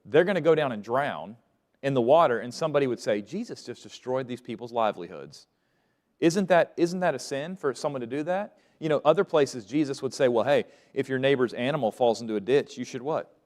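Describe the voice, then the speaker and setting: A man's voice: medium pitch, brisk, darkish tone. A man teaching a Bible lesson to a class, asking questions and letting them fill in the answers. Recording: long reverb of a large room.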